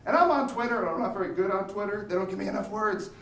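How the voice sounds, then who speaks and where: A young man performing an animated stand-up comedy set on a theater stage, jumping into high squeaky voices for the people he quotes. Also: racing. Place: theater stage, live audience. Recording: echoey theater from far off.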